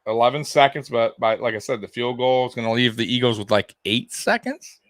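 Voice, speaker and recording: A young man talks to his stream viewers in a bright, tense voice of middling pitch. He is animated and blunt, swears freely, and keeps coming back to the same point. The sound is dry and close. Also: a little fast, no echo. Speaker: sports livestream host. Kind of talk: live postgame commentary to viewers.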